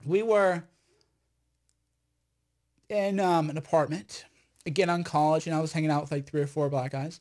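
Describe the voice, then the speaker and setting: A man, an online commentator, telling stories in a loud, rambling, emphatic monologue full of restarts. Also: a little high, fairly even intonation, moderate pace, long pauses. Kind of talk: casual storytelling monologue.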